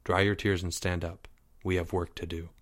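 A man's voice: sits low, flat delivery, normal speed, dry recording, studio quality, pitched below the performer's own voice, close to an everyday voice. A man reading a story aloud, voicing a bossy fifth-grade boy who snaps orders. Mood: stern. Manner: snapping, stern, commanding.

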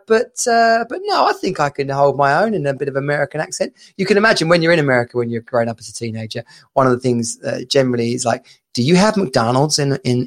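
A man's voice: mid-range voice, creaky. A man hosting a live podcast stream in a casual, rambling way, laughing easily as he talks over a video call. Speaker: podcast host.

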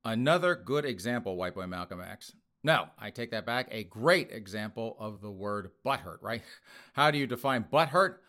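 A man's voice: fairly low pitch, animated, moderate pace, bright, forceful tone. A man hosting an opinionated news commentary show, talking in a sarcastic, mocking way and laughing scornfully.

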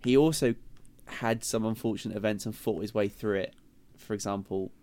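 A man hosting a casual podcast debate, halting and restarting often, quick to apologize. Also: on the low side, a little mellow. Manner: hesitant, self-interrupting, apologetic. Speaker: podcast host.

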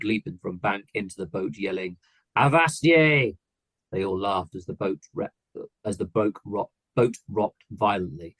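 A low-voiced man with a husky edge reads a short story aloud, steady and earnest. The sound is dry and close, with no room around it. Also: no echo, poor audio. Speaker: podcast co-host reading his story.

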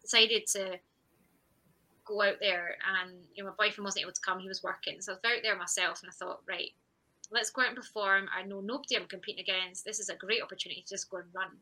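A woman's voice: medium pitch, fairly even intonation, quick pace, pushed and bright, rough recording. A woman athlete in her thirties recounting her story in a podcast interview, candid and reflective, quoting her own thoughts and laughing. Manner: candid and reflective, with frequent laughs and quoted self-talk. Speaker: athlete guest.

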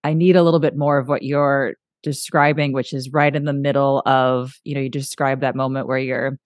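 A middle-aged woman hosting an interview, chatty and warm, who acts out family moments with lively impressions. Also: extremely low pitch, brisk, no echo, clean studio sound. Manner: warm, chatty, animated impressions of her husband. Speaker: podcast host. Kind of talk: casual conversational interview.

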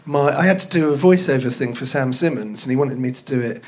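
A man's voice: mid-range voice, quick pace. A young man from North London chatting casually in front of a live audience, rambling and poking fun at himself. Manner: rambling, self-deprecating, laughs at own jokes.

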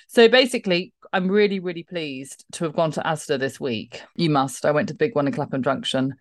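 A woman's voice: low-pitched, a little fast, no echo, studio quality. A woman co-hosting a podcast, chatting casually in a wry, teasing way. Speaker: podcast co-host. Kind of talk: casual chat.

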